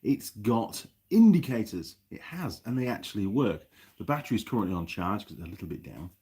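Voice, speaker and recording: A middle-aged man with a New Zealand accent talks through a casual workshop live stream, rambling between viewer comments and bits of mechanical know-how. His voice sits low and has a husky edge. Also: sing-song, fairly quick, mellow. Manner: rambling, chatty, reads viewer comments aloud. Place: home workshop.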